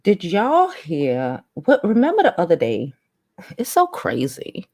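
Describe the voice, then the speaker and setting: Hoarse, gravelly-voiced woman chatting live. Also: lowish voice, huge pitch swings, a little slow, a little mellow. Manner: playful, chatty, trailing off and restarting. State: hoarse, losing her voice. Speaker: livestream host. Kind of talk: casual livestream chat.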